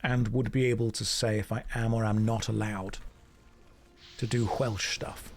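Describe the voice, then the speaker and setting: A man's voice: fairly low pitch, little pitch movement, moderate pace, a little hiss or hum. A man chatting casually and joking dryly as he plays a game and answers his chat. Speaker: streamer. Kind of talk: casual chat while gaming.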